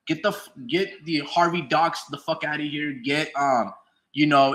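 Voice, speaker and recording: A man talks straight to his viewers in a loose, profane monologue about fighters and trainers. His voice sits a little high and rings bright and forceful, and he drives home each point by repeating it. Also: poor audio. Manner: emphatic, repetitive, swears freely. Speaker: boxing commentator streamer. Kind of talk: casual profane opinion monologue.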